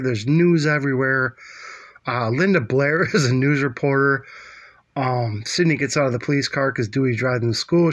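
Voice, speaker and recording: A man's voice: mid-range voice, fairly bright tone. A middle-aged man casually retelling a movie plot, rambling and swearing a lot, with plenty of fillers. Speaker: movie recapper.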